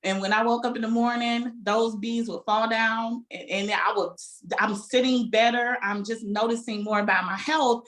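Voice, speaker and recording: Animated woman bookstore owner. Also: on the high side, moderate pace. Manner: animated, heartfelt storytelling. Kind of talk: casual interview talk.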